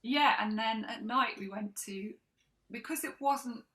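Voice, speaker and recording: A woman's voice: a little high, a little slow, a bit bright, rough recording. A woman co-hosting a casual chat, laughing often and trailing off mid-sentence. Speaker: co-host.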